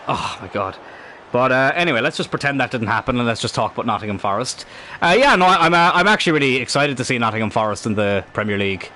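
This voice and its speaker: A man streams a football video game, chatting and reacting as he plays. He rambles between asides and swears at the game. His voice has a bright, forceful edge. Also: on the low side, animated, quick pace. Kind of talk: live gameplay commentary.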